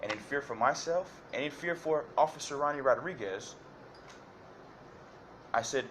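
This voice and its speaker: A man's voice: mid-range voice, animated, moderate pace, pauses often, fairly bright tone, a little hiss or hum. A man giving detailed courtroom testimony to a judge, hesitant and repetitive with many fillers and restarts. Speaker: defendant addressing a judge.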